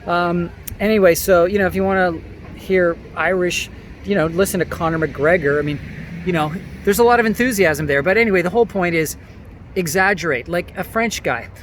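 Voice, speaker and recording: A man giving acting tips straight to camera in a loose, animated, chatty way. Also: sits high, brisk, slight background noise. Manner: animated, loose, many fillers. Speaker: acting coach. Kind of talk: casual talking-to-camera tips.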